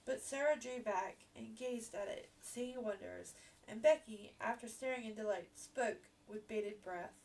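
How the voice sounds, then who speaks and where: A woman reading a classic novel aloud in a gentle, measured way, with the odd small restart. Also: on the high side, gravelly, recorded from a distance. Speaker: storybook reader.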